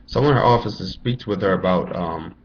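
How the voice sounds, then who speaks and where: A young man with a low-pitched voice talks fast, a college student telling his story in a rambling, profane rant packed with "you know" fillers. He's indoors at home in a dim room, recorded on a camera mic, and the lo-fi audio carries a little hiss or hum.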